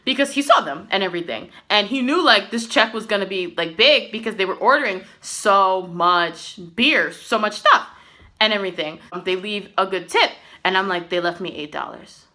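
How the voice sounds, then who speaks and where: A young adult woman telling a casual storytime to her vlog viewers, chatty and animated, filling her talk with "like" and "literally". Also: mid-range voice, moderate pace. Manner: chatty, filler-heavy with many "like"s and "literally"s; animated, swinging between exasperated and laughing. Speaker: vlogger.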